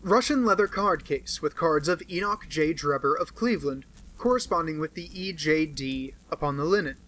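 A man's voice: a little high, animated, moderate pace, fairly bright tone. A man voicing a stiff, touchy police inspector. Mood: businesslike. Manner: businesslike report, touchy. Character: stiff, easily offended male police inspector. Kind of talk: audiobook character voice.

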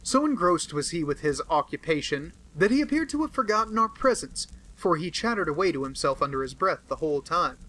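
A man reading a classic detective novel aloud as an audiobook narrator, in measured storytelling. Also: fairly high pitch, sing-song, pushed and bright, poor audio. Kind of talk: scripted narration.

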